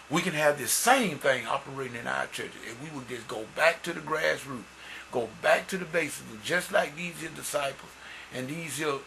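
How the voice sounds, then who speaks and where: Man preaching, gravelly voice, bright tone, earnest and folksy, repeats and restarts, faint hiss behind. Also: low-quality recording. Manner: earnest preaching, rising louder and higher as he builds. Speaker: church musician and lay preacher. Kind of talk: informal sermon with scripture reading.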